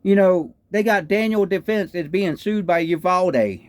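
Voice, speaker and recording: A high-pitched man with a Texan accent, from Texas, rants through a political commentary at a measured pace, indignant and hurling repeated rhetorical questions. He's a political vlogger, and the recording is studio quality with no echo.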